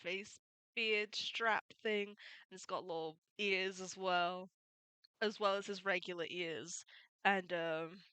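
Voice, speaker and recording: A chatty woman walks through a comic volume in a relaxed, casual way, laughing often as she goes. Her voice sits a little low but rings bright and smooth. It is recorded close and dry, with no room around it. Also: slow pace, no echo. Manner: chatty, laughs often, quotes characters in passing. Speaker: manga reviewer. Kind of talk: casual chapter summary.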